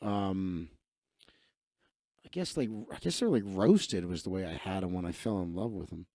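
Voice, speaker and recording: A man's voice: sits low, expressive, moderate pace, mellow, no room sound. Profane, rambling man at a close mic. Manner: rambling, profane and offhand, laughing at his own asides. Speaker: livestream host. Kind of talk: casual livestream chat, reading his feed aloud.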